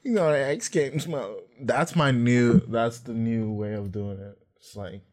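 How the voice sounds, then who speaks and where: A man's voice: medium pitch, a little slow, darkish tone. A young man co-hosting a casual chat, telling profane stories with lots of laughter and acted-out quotes. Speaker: podcast co-host.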